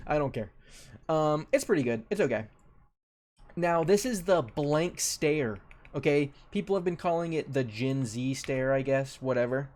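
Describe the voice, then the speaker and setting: Young male streamer, slightly high voice, casual repetitive commentary. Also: measured pace, darkish tone. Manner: repeats his phrases, loose and offhand. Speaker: streamer ranking a tier list.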